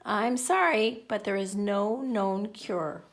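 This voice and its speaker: A woman's voice: medium pitch, slow pace. Woman reading as a bossy big sister.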